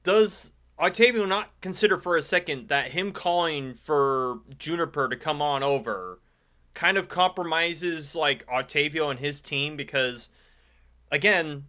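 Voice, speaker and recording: A man's voice: fairly high pitch, measured pace, pushed and bright. A man giving sarcastic, incredulous commentary over a game and swearing often.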